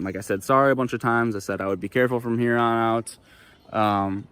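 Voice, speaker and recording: A man's voice: medium pitch, fairly even intonation, fast, fairly bright tone, clear, resonant tone. A young man with a mid-range voice tells a story straight to camera, loose and unscripted. His talk is casual and profane, full of "like" and "dude". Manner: laid-back, profane, heavy on "like" and "dude". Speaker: vlogger.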